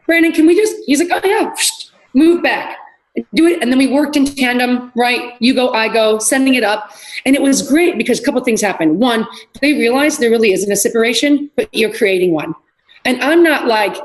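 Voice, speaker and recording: Middle-aged woman fitness coach, chatty storyteller, kinda high voice, acts out quotes. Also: low-quality recording. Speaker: guest, fitness trainer. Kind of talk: casual podcast conversation.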